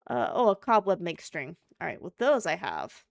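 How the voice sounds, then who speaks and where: Woman streamer, bubbly and chatty, lively sing-song pitch, dry close mic. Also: moderate pace, vocal fry, dry recording. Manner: chatty, bubbly, thinks aloud with fillers. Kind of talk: casual live-stream chat while gaming.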